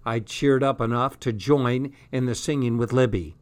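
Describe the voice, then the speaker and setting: A man's voice: mid-range voice, fairly even intonation, moderate pace. A man reading a comic first-person diary aloud with dry, sardonic delivery. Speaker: audiobook reader.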